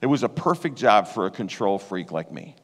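A man's voice: lowish voice, sing-song, a little fast, a bit bright. A man preaching a sermon and sharing a personal testimony in an earnest, conversational way that turns emotional. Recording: reverberant hall.

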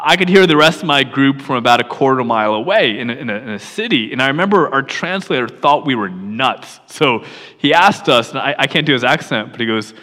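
A middle-aged man from Pennsylvania telling a personal story in a sermon, sometimes dropping to a hushed near-whisper. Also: medium pitch, big-room sound. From York, Pennsylvania, USA.

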